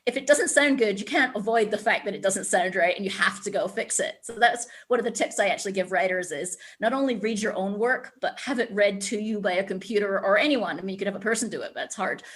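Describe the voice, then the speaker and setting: A woman's voice: medium pitch, fast talker, few pauses, fairly bright tone. Scottish woman, author guest, reads her own prose, then chats with upbeat enthusiasm. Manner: chatty and enthusiastic. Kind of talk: reading her novel aloud, then interview chat.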